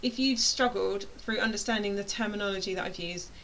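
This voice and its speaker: A woman's voice: medium pitch, a little fast, a bit bright, a little hiss or hum, poor audio. A British woman teaching an online course, talking casually in a rambling, playful way that keeps interrupting itself. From United Kingdom. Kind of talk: casual chatty explainer.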